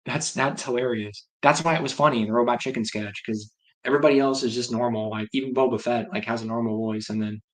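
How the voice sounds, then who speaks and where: A man's voice: mid-range voice, fairly even intonation, quick pace, low-quality recording. A man hosting a livestream, chatting casually and rambling as he reacts aloud to viewer comments. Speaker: livestream host.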